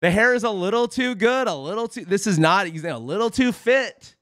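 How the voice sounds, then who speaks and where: A man hosting a mock-preachy commentary show, sarcastic and folksy, with a pitch that swings widely. His voice sits a little high for a man and sounds close and dry. He talks to his viewers as old friends. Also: expressive, brisk, fairly bright tone, no echo. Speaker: host of a satirical commentary show.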